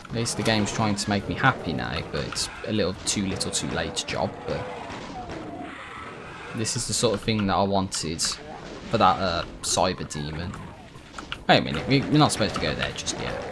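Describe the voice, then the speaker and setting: A man's voice: deep voice, big pitch swings, moderate pace, over music. A man giving casual, rambling commentary as he plays a video game, correcting himself often and swearing when frustrated. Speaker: gaming YouTuber.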